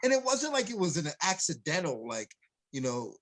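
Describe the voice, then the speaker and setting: A man with a fairly high voice that swings up and down as he gets fired up, talking as an MMA coach guesting on a podcast. He argues with heat and emphasis and breaks into laughter. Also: sing-song, moderate pace. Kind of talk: casual podcast chat.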